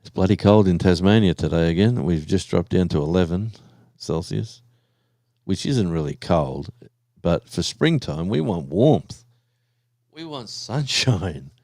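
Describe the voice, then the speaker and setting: Easygoing Australian guy hosting a live stream, low mellow voice, dry close sound, rambling chatty delivery. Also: animated, unhurried, no echo. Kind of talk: casual live stream chat.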